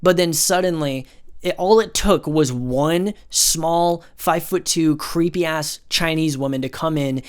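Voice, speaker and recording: A man's voice: a little high, unhurried, clean tone. Rambling, foul-mouthed man telling a story. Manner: rambling, profane, heavy filler words. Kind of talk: casual storytime.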